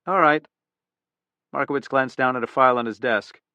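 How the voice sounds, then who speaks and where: A man reading a crime thriller audiobook in a measured, even narration. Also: medium pitch, no room sound, lo-fi sound. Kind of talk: scripted narration.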